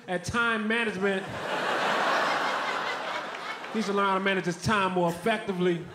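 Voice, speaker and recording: Deadpan man doing stand-up. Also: high voice, moderate pace, long pauses. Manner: dry, deadpan storytelling with sudden shouted punchlines. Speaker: stand-up comedian. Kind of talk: stand-up comedy routine. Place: comedy club stage. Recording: noisy live comedy club.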